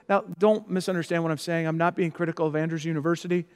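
High-voiced preacher in a big echoing hall. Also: male voice, fairly even intonation, rapid-fire, hardly any pauses, a bit bright, smooth. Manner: repeats himself, asks the audience "okay?". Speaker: pastor. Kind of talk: sermon. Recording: long hall reverb.

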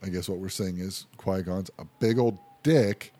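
A man's voice: sits low, moderate pace, dark tone. A man co-hosting a podcast in casual chat, opinionated and ranting, swearing freely. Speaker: podcast co-host.

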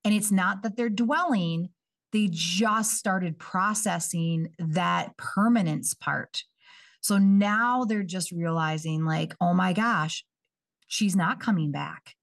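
A woman working in early childhood education, chatting casually on a podcast and acting out parents and kids in quick quoted voices. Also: lowish voice, gravelly, distant mic. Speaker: early childhood coordinator, guest.

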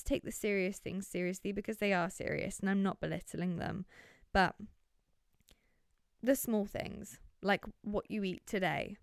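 A woman's voice: medium pitch, clean tone, no echo, studio quality. A young woman hosting a solo podcast, rambling in a chatty, giggly way full of wonder, recorded on her bed in her bedroom. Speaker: podcast host.

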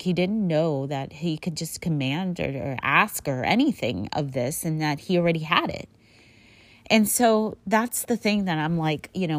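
A woman with a low voice teaches a Bible story in a loose, chatty way. She rambles and fills her talk with fillers, in a dry, close recording. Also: no room sound. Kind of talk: casual retelling of a Bible story.

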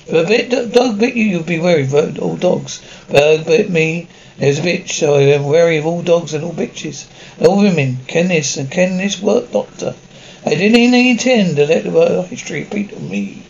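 A man's voice: a little high, animated, moderate pace, vocal fry, lo-fi sound. An actor playing a bitter, obsessive male mad scientist who lectures pompously and pities himself. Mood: rueful. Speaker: doctor.

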